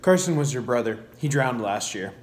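A man reading aloud, voicing a quiet, withdrawn preacher father in a soft, subdued way. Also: mid-range voice, lively intonation, normal speed, a little hiss or hum, close to an everyday voice.

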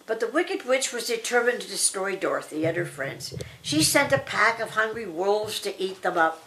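An older woman reading a children's picture book aloud, slow and expressive. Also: mid-range voice, slight background noise. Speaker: storybook reader.

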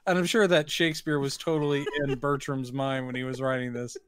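A man's voice: mid-range voice, flat delivery, a little fast, clean tone, no echo, studio quality. A man co-hosting a podcast, chatting wryly about a movie and teasing his co-host. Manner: wry, teasing, quotes characters. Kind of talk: casual movie-review chat.

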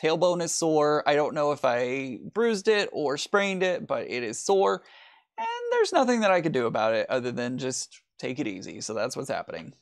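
A playful man co-hosts a sewing stream, bantering and reading viewer comments aloud. His voice is lively and jumps around in pitch, with a goofy streak. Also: moderate pace, gravelly. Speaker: co-host. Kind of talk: casual banter, reading chat.

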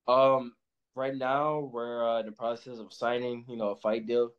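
A man's voice: mid-range voice, flat delivery, normal speed, smooth. Laid-back young man from Los Angeles. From Los Angeles, USA. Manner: laid-back, slangy, rambling. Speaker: pro boxer guest. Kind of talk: casual interview chat. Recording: muffled lo-fi sound.

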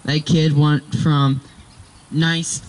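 A man's voice: fairly high pitch, little pitch movement, very slow, rough recording. A young man telling a rambling, exasperated story about work in a casual vlog. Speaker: vlogger.

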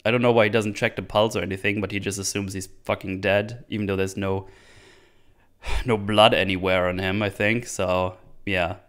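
A man's voice: on the low side, little pitch movement, normal speed, fairly bright tone. A man hosting a casual solo movie recap, rambling and laughing often, with many restarts. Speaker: podcast host reviewing a movie.

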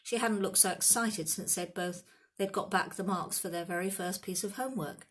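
A woman reading a children's novel aloud as an audiobook, lively in the character voices. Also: medium pitch, moderate pace, slightly rough. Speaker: reader.

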